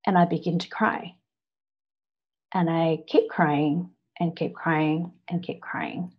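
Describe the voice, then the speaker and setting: An Australian woman in her thirties giving an earnest personal story speech, often pausing on "now" to set up the next part. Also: deep voice, fairly even intonation, husky, muffled recording. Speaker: public speaker.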